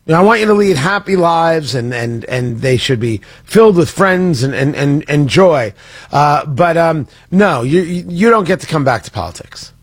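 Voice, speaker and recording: A male talk radio host with a slightly husky voice, recorded close and dry in a studio booth. He talks through political news in a mocking, sarcastic tone, doubling back on his words as he goes. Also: on the high side, animated, moderate pace, dry recording. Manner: sarcastic, mocking, with frequent restarts.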